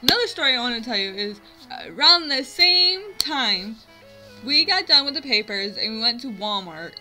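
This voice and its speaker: Bright-voiced young woman telling a rambling story. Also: fairly high pitch, sing-song, normal speed, soft background music, low-quality recording. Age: 20s. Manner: rambling, self-mocking, lots of "like" fillers. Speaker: vlogger. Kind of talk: casual storytelling to camera.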